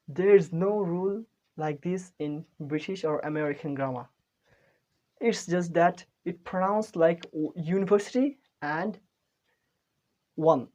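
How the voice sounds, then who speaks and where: A woman hosting an English lesson, explaining grammar rules in an unhurried way and correcting herself as she goes. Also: fairly low pitch, warm tone. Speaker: English teacher, channel host.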